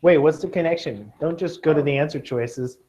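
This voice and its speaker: A man from Kentucky teaching a class of students, lively and joking, often checking in with "okay?". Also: a little high, a little fast, dull audio, slight background noise. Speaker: test prep teacher.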